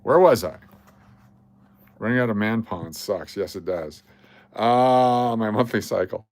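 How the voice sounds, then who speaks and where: A man's voice: on the low side, animated, a little slow, darkish tone. A man hosting a casual livestream, talking to his chat in a blunt, joking, rambling way. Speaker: livestream host.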